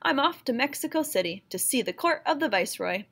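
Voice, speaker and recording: Lady reading as a tiny stubborn rooster on one leg, earnest, pretty high voice. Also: lively intonation, fairly quick, fairly bright tone, exaggerated voice. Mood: determined. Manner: earnest, insistent pleading. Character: small determined one-legged rooster.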